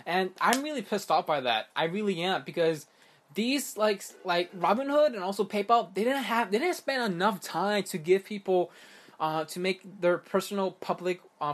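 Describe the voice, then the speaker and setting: A young man vlogging casually about crypto, animated and exasperated, rambling with many restarts. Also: fairly high pitch. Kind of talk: casual ranting monologue.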